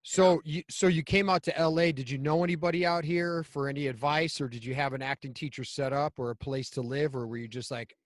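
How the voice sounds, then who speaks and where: A man's voice: on the high side, steady tone, a little fast, hardly any pauses. A man co-hosting a podcast, chatting casually and asking long, encouraging questions. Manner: encouraging, asks rambling questions. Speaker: podcast co-host. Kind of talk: casual interview chat.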